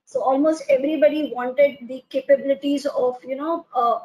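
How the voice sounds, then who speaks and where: A woman with a high voice speaks as a guest on a business webinar. She talks haltingly, with frequent fillers and repeated words as she gathers her thoughts. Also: steady tone, darkish tone, lo-fi sound. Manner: hesitant, many filler "uh"s and restarts. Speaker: company founder and CEO, guest. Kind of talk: webinar panel talk.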